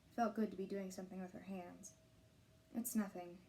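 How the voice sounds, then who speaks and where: A woman reads a novel aloud in a steady, clear storytelling voice. Her tone is mellow and soft rather than bright. She moves evenly through the chapter. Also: medium pitch, fast, slight background noise. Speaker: reader of a novel.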